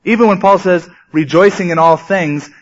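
A male pastor preaching a sermon in a conversational way that sometimes turns animated. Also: high voice, moderate pace. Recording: dull lo-fi sermon recording.

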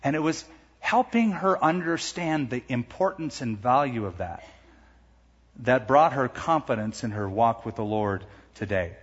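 A middle-aged man preaching a sermon to a congregation, slowing down and raising his voice on the words he stresses. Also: mid-range voice, lively intonation, breathy edge. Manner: emphatic, slows and lifts his voice on key words. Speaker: pastor. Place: large church sanctuary. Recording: dull sound with long hall reverb.

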